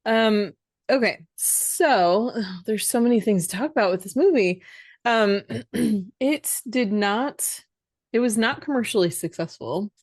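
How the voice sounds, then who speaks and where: A woman co-hosting a film podcast in casual chat, relaying background facts in a measured way with hesitant fillers. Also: medium pitch, animated, dry recording, studio quality. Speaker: podcast co-host.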